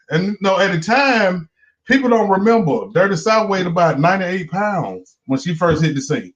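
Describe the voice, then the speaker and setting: A man's voice: high voice, animated, moderate pace. A man with a Southern accent, hosting and telling a rambling, profane story in a casual chat. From Georgia, US. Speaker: host, comedian. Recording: muffled lo-fi stream audio.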